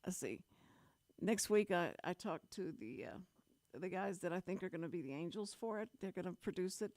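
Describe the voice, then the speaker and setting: A woman's voice: fairly low pitch, lively intonation, moderate pace, darkish tone, no echo. A middle-aged woman with a Texan accent, hosting a radio chat show and telling stories in a rambling way with many restarts. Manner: rambling, restarts often, storytelling. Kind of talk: casual on-air chat. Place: radio studio.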